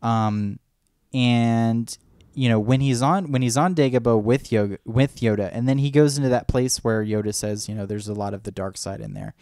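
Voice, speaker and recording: A man's voice: mid-range voice, moderate pace, a little mellow, dry recording, clean studio sound. A man co-hosting a podcast, chatting casually and enthusiastically, rambling and acting out movie lines. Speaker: podcast co-host. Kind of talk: casual fan chat.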